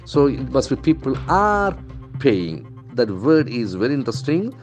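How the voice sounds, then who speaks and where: A male English trainer, not a native speaker, teaching pronunciation in a lesson, repeating words slowly and stressing their syllables. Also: mid-range voice, sing-song, highs cut off, faint music behind. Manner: stock phrases "okay, see", "very interesting".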